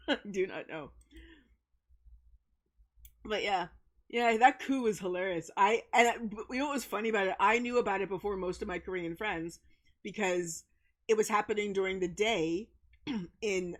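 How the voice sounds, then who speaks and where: A middle-aged woman chatting casually on a livestream, telling a story with lots of laughter and swearing. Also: medium pitch. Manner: animated storytelling, laughs often, swears freely.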